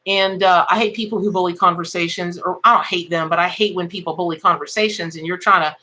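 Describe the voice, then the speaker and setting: A woman's voice: lowish voice, steady tone, fast, bright, forceful tone. Chatty woman reading tarot live. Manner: chatty, folksy, laughs often, greets chat by name. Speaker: tarot reader.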